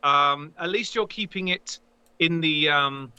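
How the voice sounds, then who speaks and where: A man's voice: a little high, takes it slowly, bright, forceful tone, clean tone, highs cut off. A man chatting casually on a podcast, teasing the host in banter. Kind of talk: casual chat.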